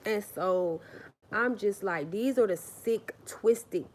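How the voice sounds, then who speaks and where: A woman's voice: mid-range voice, slow pace, darkish tone. A woman telling a personal story on a casual livestream, blunt and profane, hammering points home with repeated phrases. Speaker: livestream host.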